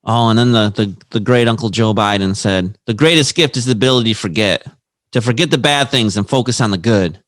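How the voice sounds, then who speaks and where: A man's voice: lowish voice, fairly quick, a bit bright, dry recording. A man co-hosting a casual podcast, reading quotes aloud and laughing between them. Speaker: podcast co-host.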